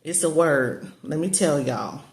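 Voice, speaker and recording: A woman's voice: deep voice, animated, unhurried, gravelly. Emphatic preaching woman, echoey room. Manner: emphatic, repetitive, addresses viewers as y'all. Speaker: spiritual teacher and online community leader. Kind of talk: casual preaching to viewers.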